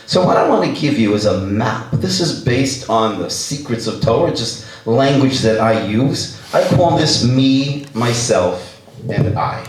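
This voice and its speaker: Animated rabbi in an echoey hall. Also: male voice, mid-range voice, unhurried, a little hiss or hum. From Canada. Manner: animated, acts out characters. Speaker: rabbi, speaker. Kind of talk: humorous lecture with stories. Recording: echoey hall, distant mic.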